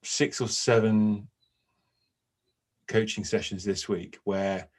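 A man's voice: fairly low pitch, steady tone, takes it slowly. A man co-hosting a podcast from home, musing thoughtfully in casual chat, often hesitating. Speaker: podcast co-host and agile coach.

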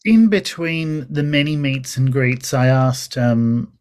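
A man chatting casually as a guest, his pitch in the middle range. He tells his stories animatedly, acting out the dialogue and laughing along the way. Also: animated, slow pace, a little mellow. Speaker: podcast guest. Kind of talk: casual chat.

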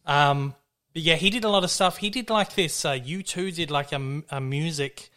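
A man's voice: a little high, normal speed, bright, forceful tone. Chatty man rambling about films. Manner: rambling, with frequent restarts and swearing. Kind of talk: casual chat about films.

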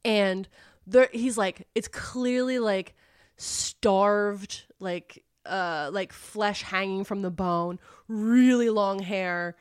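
A woman's voice: mid-range voice, slow, clean tone, dry recording, clean studio sound. Chatty woman rambling through a story. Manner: rambling, filler-heavy, acts out character lines. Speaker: podcast co-host retelling a novel. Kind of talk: casual storytelling chat.

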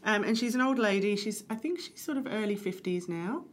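A woman's voice: mid-range voice, animated. A woman co-hosting a podcast, chatting casually with a wry, conversational manner. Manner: conversational, wry, lists things off briskly. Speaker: podcast co-host. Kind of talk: casual chat.

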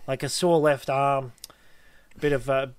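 A man's voice: medium pitch, fairly even intonation, unhurried, clear, resonant tone, dry recording. A young man co-hosting a casual podcast chat, laughing often and telling stories with animation. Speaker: podcast co-host.

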